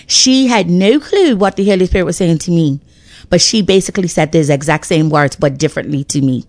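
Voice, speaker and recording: A middle-aged radio talk show guest with a low, deep register speaks fairly quickly and with animation, preaching faith and encouragement emphatically and restarting herself at times. Her voice is a little mellow, and the audio is close and dry with no room around it.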